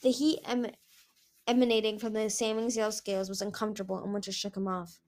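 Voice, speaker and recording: A woman reading a fantasy novel aloud in a lively, expressive way. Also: medium pitch, brisk. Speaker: audiobook reader. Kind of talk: storybook reading.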